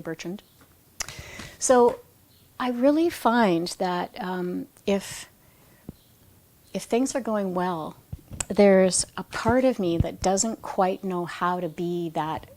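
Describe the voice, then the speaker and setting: A woman's voice: fairly low pitch, takes it slowly, pauses often, darkish tone, a little hiss or hum. A woman reading aloud from her own book, breaking off into conversational personal anecdotes and correcting herself as she goes. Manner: self-correcting, restarts phrases. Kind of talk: book reading with spontaneous asides.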